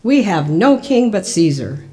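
A church lector reading the lines of an angry crowd of accusers, louder and more forceful than the narration. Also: mid-range voice, sing-song, a little slow, voice pushed up. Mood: insistent. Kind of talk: liturgical Scripture reading.

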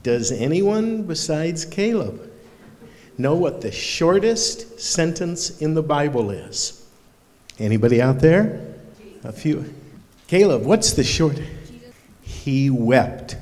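Lively pastor with a roomy church echo. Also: male voice, fairly high pitch, slow pace, long pauses. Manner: warm, playful, talks to children with lively questions. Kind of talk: children's sermon. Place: church sanctuary. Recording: long hall reverb in a church.

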